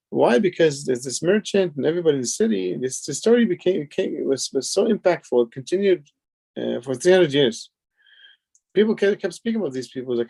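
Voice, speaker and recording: A man's voice: on the high side, expressive, vocal fry, darkish tone, breathy edge. A man teaching as a sheikh, explaining scripture in a loose, conversational way full of "you know" and "like". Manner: retells scenes with quick quoted dialogue. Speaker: sheikh teaching Quran commentary. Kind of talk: casual explanatory lesson.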